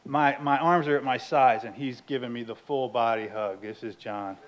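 A man's voice: medium pitch, normal speed, highs cut off. Candid man telling his story. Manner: candid, self-deprecating, laughs often; swings between hushed and animated. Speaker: speaker sharing at a recovery meeting. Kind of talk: personal storytelling.

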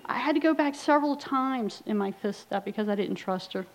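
A middle-aged woman telling her recovery story at a meeting, acting out the dialogue with lively, often laughing delivery. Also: fairly high pitch, fairly quick, rough recording.

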